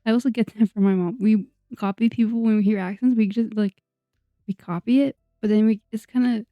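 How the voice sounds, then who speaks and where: A woman's voice: mid-range voice, steady tone, brisk, no echo. A young woman YouTuber chatting casually over a video, rambling and self-deprecating, with lots of fillers and laughs. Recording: dull, dry sound under soft music.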